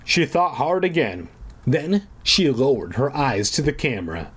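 A man's voice: mid-range voice, animated, a little slow, slightly rough. A man giving a comedic reading of a children's book, breaking off for irreverent, swearing asides and drinking as he reads. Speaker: comedic reader.

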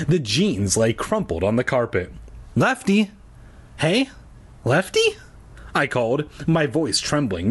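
A man reading a children's spooky book aloud, with deadpan comic asides in between. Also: mid-range voice, slightly rough. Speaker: comedic reader.

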